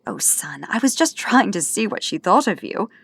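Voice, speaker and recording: A woman's voice: mid-range voice, very animated, moderate pace, creaky, husky, no room sound, heavily acted. A woman voicing a jovial, teasing older man in an audiobook, boastful and folksy, with faint music behind. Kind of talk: audiobook character voice.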